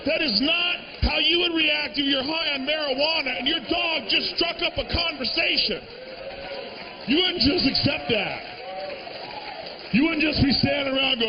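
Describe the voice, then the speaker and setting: A man doing a stand-up comedy set on a live stage, brash and profane, breaking into shouted rants into a handheld mic. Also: very high-pitched, expressive, normal speed, big-room sound, noisy background. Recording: dull lo-fi live recording.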